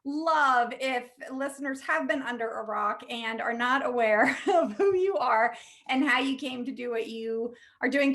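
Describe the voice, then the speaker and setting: A woman's voice: a little high, fairly bright tone. A woman hosting a podcast, introducing and questioning her guest with effusive enthusiasm. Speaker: podcast host. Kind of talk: interview hosting.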